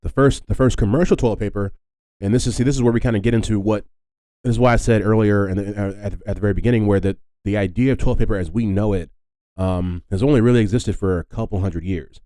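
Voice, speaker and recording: A man's voice: lowish voice, quick pace, dark tone, dry recording. A man hosting a casual solo history podcast, chatty and rambling with lots of fillers and asides. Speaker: podcast host.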